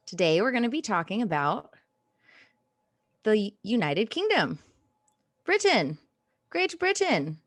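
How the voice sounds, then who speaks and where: A woman's voice: mid-range voice, very animated, slow, pauses often, fairly bright tone, no room sound, studio quality. An American woman co-hosting a casual podcast chat, playful and giggly with theatrical asides. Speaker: podcast co-host.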